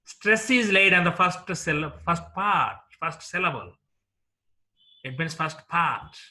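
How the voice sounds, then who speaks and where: A man with an Indian English accent teaching a slow, deliberate lesson, repeating word lists one item at a time. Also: on the high side, expressive, bright, forceful tone. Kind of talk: classroom lecture.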